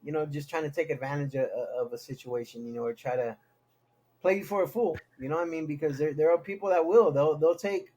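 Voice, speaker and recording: A man's voice: a little high, fast, warm tone, rough recording. A man in casual conversation, talking in a rambling way with many restarts.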